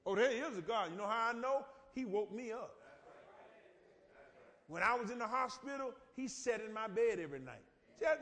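Animated high-voiced preacher man in an echoey hall. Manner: folksy, animated preaching with dialect and call-and-response. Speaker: pastor. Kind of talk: informal sermon. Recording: echoey church hall reverb.

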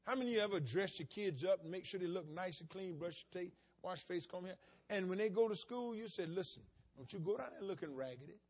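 Husky-voiced man preaching a sermon. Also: sits high, fast. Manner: preaching with sudden shouted rises and quiet asides. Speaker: pastor.

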